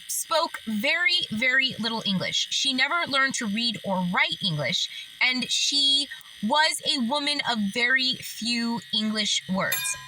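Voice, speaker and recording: A woman telling a family story in a casual, reflective vlog, chatty and full of fillers and thoughtful asides. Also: a little high. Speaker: author and storyteller. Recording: distant mic, steady background noise.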